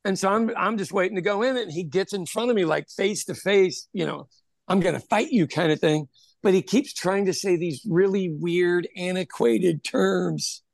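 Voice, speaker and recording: A man who owns a pub, telling an animated story in casual chat, acting out what people said and swearing freely. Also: high-pitched, moderate pace, gravelly, no room sound, clean studio sound. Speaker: podcast host telling a story; pub owner.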